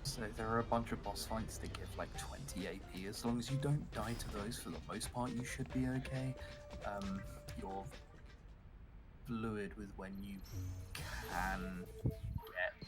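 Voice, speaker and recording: A man's voice: fairly low pitch, unhurried. A man giving casual, joking commentary on a game speedrun and explaining its strategy. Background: game music.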